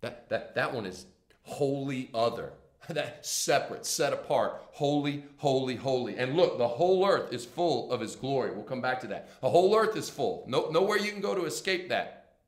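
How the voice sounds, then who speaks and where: A man preaching a sermon, swinging from hushed, intense passages to loud, emphatic ones, with casual conversational asides. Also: mid-range voice, expressive, moderate pace, roomy sound. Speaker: pastor.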